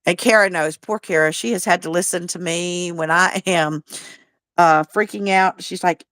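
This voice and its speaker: A woman hosts a casual livestream, chatting in a folksy way and greeting viewers by name. Her voice is lowish and fairly even at a moderate pace with a fairly bright tone, and the sound is dry and studio-clean.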